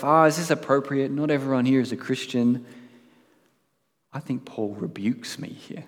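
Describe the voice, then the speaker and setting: Guy preaching a sermon, chatty, gets dramatic reading out loud, big echoey church hall. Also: medium pitch. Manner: conversational, with dramatic read-aloud bursts. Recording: long hall reverb.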